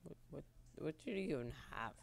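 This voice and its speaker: A man's voice: a little high, expressive, a little fast, vocal fry, a little hiss or hum. A man giving casual gameplay commentary in nervous, rambling remarks. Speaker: gamer.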